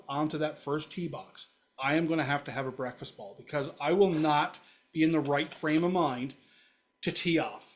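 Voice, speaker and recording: A man hosting a podcast, talking in casual chat, emphatic and excitable and swearing freely. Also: on the high side, moderate pace. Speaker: podcast host.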